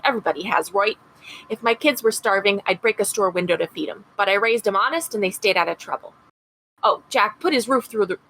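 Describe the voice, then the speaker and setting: A woman's voice: medium pitch, a bit bright, a little hiss or hum, poor audio. A woman reading aloud as a working-class mother from upstate New York, trying a Rochester accent. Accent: Rochester, upstate New York (imitated). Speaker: podcast co-host.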